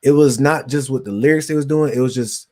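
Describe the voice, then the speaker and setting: A young man hosting a casual podcast conversation, laid-back and quick to agree and chime in. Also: mid-range voice, warm tone. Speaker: podcast host.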